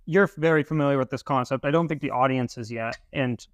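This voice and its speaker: A man's voice: mid-range voice, fairly quick, no room sound. A young man co-hosting a podcast, explaining ideas emphatically in casual chat, with casual swearing. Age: young adult. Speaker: podcast co-host.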